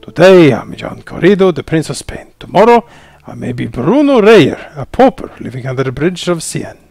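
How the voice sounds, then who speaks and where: A sly, suave fox con man with a mock Spanish accent, put on by a man reading a game aloud. His smooth, drawn-out lines swing up and down with a slight gravelly edge. The voice sounds dry and close, with soft game music underneath. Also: fairly high pitch, sing-song, no echo, heavily acted. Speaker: game player voicing characters.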